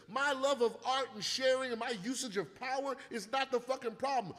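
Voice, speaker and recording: A man telling rambling, profane stories in a casual chat and building into loud rants. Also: very high-pitched, brisk, few pauses. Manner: profane, rambling storyteller who rants loudly. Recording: long hall reverb.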